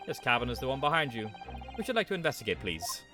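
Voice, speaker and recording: Man putting on a burly sailor with a Russian accent, loud and blunt in broken English, bouncing pitch; video game voice. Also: very animated, fast, music in the background, natural voice. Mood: gruff. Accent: put-on Russian. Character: burly male ship's sailor, gruff, stubborn.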